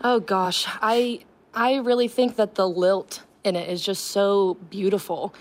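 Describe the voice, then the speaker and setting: A woman's voice: medium pitch, steady tone, a little slow. A young woman, a student actress, talking as a guest on a radio interview. She speaks in a bubbly, earnest way and laughs often.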